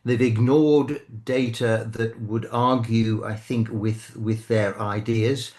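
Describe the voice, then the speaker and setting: An older man with a British English accent from England, chatting as a guest commentator, talking haltingly with many restarts and self-corrections. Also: mid-range voice, flat delivery, a little mellow. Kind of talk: casual chat.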